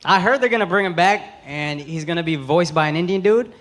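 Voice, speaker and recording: A man in his thirties doing a brash, profane stand-up set with crowd work, shouting his punchlines on a club stage. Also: on the high side, brisk. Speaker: stand-up comedian. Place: comedy club stage before a live audience. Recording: live club with loud audience laughter. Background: loud crowd laughter.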